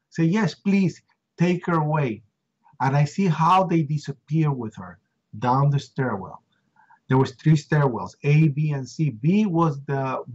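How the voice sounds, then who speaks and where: Husky man telling a vivid story. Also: darkish tone. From Puerto Rico. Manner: acts out quoted voices with rising pitch. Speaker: interview guest. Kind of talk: emotional eyewitness storytelling. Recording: dull lo-fi recording.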